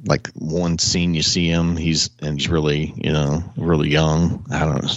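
A man on a casual podcast chat, telling a long rambling story with animated energy and frequent chuckles, heard over dull lo-fi call audio. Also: low voice, no echo. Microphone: remote call audio.

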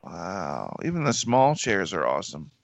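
A man's voice: low-pitched, wildly swooping pitch, unhurried, vocal fry. A man co-hosting a podcast in casual chat, loose and easily amazed, swearing freely. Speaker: podcast co-host. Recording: dull lo-fi dry recording.

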